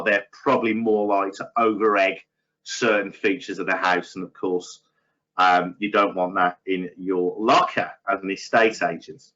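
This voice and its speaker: Guy running a training webinar, casual and rambling, middling pitch, muffled sound. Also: a bit bright. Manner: chatty, filler-heavy, self-deprecating asides. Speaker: trainer for estate agents.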